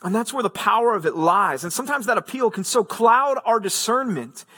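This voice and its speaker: A man's voice: high voice, lively intonation, fairly quick, pushed and bright. A man preaching a sermon as pastor, reading scripture aloud and then explaining it in an earnest, emphatic way.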